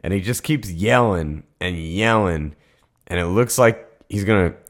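A man's voice: sits low, a little slow. A man co-hosting a podcast in casual comedic chat, recounting scenes in a laid-back way with fillers. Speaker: podcast co-host.

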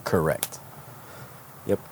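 A man from California, a guest entrepreneur, candidly telling his story with animated retellings of what people said. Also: extremely slow, slight background noise. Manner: animated, acts out quoted voices. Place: outdoors by a smoky fire.

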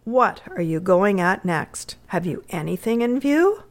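A hearty older country doctor, kindly under a gruff surface, as a woman reader plays him. He teases and chats in a warm, booming way, and the voice sits near the reader's own pitch. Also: expressive, measured pace. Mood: chatty.

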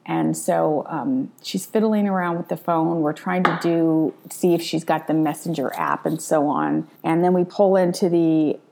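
Middle-aged woman, personal storytelling, earnest and reflective, low-pitched, gravelly creak, frequent restarts. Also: fairly even intonation, a little slow, hardly any pauses, background noise. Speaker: storyteller recounting a personal experience.

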